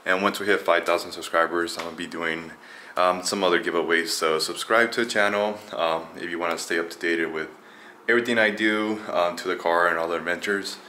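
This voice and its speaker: A man's voice: deep voice, fairly quick, a little hiss or hum. A man hosting his car channel, talking through a casual how-to with lots of fillers, a bit out of breath. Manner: relaxed, filler-heavy, chatty.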